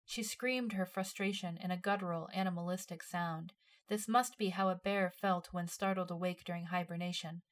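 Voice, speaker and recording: A woman narrating a dramatic story in a measured, expressive reading voice. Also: on the low side. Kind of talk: storytelling narration of fan fiction.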